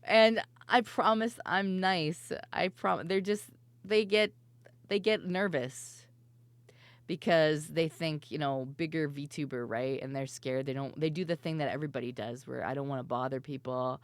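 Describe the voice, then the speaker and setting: Hoarse woman streamer, laughing and swearing. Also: sits low, a little slow, no echo. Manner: laughs often, swears freely, lively storytelling. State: hoarse, voice worn out. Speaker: VTuber streamer. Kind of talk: casual stream chat.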